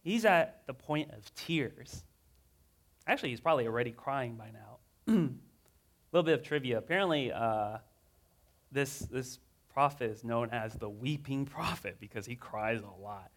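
A man's voice: medium pitch, lively intonation, unhurried, creaky. A man preaching a sermon in a casual, conversational way, reading scripture aloud with rising emotion. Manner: earnest, reads scripture dramatically with rising emotion.

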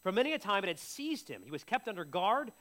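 A man's voice: high-pitched, very animated, fast talker, a bit bright. A middle-aged man preaching a sermon, telling the story vividly and acting out the voices of the people in it. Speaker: pastor.

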